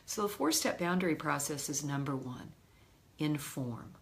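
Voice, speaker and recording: Low-voiced woman coaching calmly. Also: moderate pace. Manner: calm, direct, instructive with emphatic quoted examples. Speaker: love coach. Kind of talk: teaching a live coaching session.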